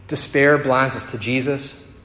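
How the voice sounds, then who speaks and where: A man's voice: medium pitch, steady tone, unhurried. Man preaching in an echoey hall. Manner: dynamic preaching, dropping to soft tender tones and rising to emphatic peaks. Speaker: pastor. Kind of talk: sermon. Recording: echoey hall with faint ambience.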